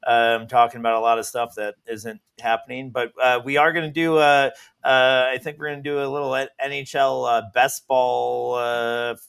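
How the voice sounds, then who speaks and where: A man hosting a casual podcast, talking in a relaxed, rambling way with lots of fillers. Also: mid-range voice, moderate pace, gravelly, clean tone. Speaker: podcast host. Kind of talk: casual chat. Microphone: remote podcast mic.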